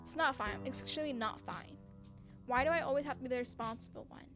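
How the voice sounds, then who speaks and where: A woman's voice: high-pitched, fast talker, natural voice. A woman voicing a responsible older sister who lectures sternly, over game music.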